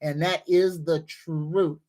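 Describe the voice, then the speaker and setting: A woman's voice: sits low, fairly even intonation. A woman hosting a psychic livestream, greeting viewers, reading comments and leading affirmations. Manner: greets viewers warmly, leads slow repeated affirmations.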